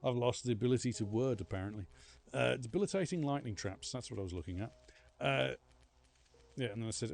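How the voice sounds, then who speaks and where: Talking a little fast, a man with a mid-range, darkish voice and noticeable vocal fry streams gameplay live. He rambles to his audience in a casual, self-deprecating way.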